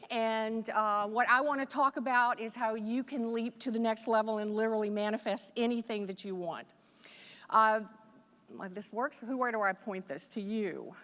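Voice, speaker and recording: A woman's voice: on the high side, bright, forceful tone. A woman from Virginia giving a motivational keynote speech at a conference, telling folksy, joking stories. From Virginia, USA. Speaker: motivational speaker. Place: large conference hall. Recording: echoey conference hall.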